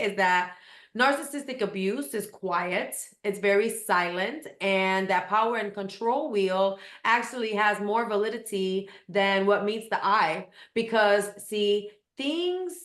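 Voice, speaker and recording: A woman's voice: medium pitch, a bit bright, echoey room. A woman guest in an interview, telling a personal story earnestly and emphatically, often repeating words for weight.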